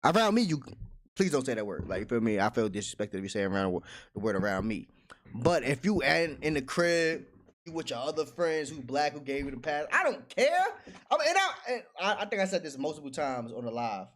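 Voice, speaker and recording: A man's voice: medium pitch, sing-song, brisk, fairly bright tone, slight background noise. A man hosting a casual livestream, talking in slang, reading chat aloud and laughing often.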